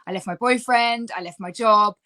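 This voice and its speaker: A woman, a guest telling her life story in a casual, lively chat full of fillers. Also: medium pitch, moderate pace.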